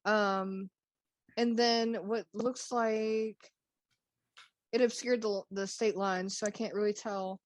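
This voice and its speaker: A woman co-hosting a podcast, talking slowly and hesitantly with ums as she describes a map. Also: medium pitch, steady tone, no room sound. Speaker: podcast co-host. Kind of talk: casual chat.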